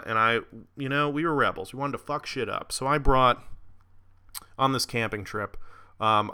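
A man's voice: on the low side, sharp tone, smooth. A man hosting a podcast, telling a long rambling story with laughs, fillers and some swearing. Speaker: podcast host. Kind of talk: casual storytelling.

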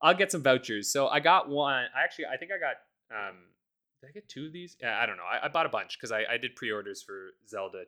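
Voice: medium pitch, bright, forceful tone. A podcast co-host in casual chat, ranting with heavy profanity and laughing often while talking.

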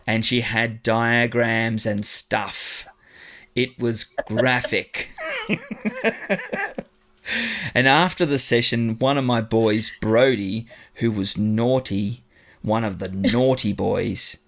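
A man's voice: lowish voice, slow pace. A man hosting a teaching podcast, chatting casually, reading out stories and laughing often. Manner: laughs often, lively storytelling.

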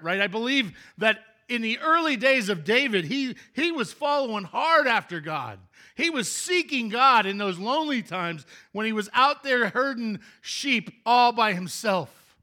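A man's voice: sits high, pushed and bright. A male pastor giving a chatty, interactive sermon in a church sanctuary, joking with the congregation and often restarting his sentences.

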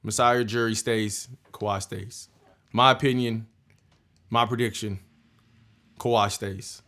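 A man hosting a casual sports podcast, talking in a relaxed, drawling way. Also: fairly low pitch, a little slow. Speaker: podcast host.

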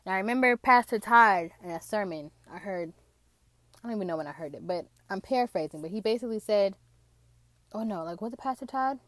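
A young woman shares a personal faith testimony, talking casually and emotionally and saying "like" a lot. Her voice sits in the mid range and moves fairly quickly, with no echo. She sounds excited and moved.

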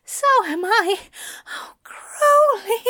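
A woman's voice: very high voice, lively intonation, slow, pushed and bright, pitched above the performer's own voice, exaggerated voice. A woman voicing a flustered, desperate male angel who pleads and whimpers breathlessly.

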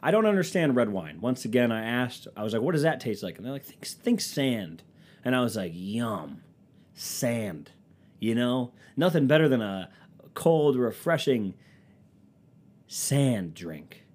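A young man chatting casually and comically as a podcast host, rambling and swearing, with quick dips into silly voices. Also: medium pitch, very animated, a little mellow. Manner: rambling, profane, slips into silly quoted voices. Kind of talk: casual comedic chat.

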